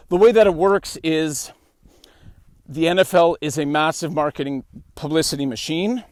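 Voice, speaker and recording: A young man from Canada telling a story as a podcast host, animated and acting out quoted dialogue. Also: on the high side, moderate pace, dry recording. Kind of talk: casual storytelling monologue.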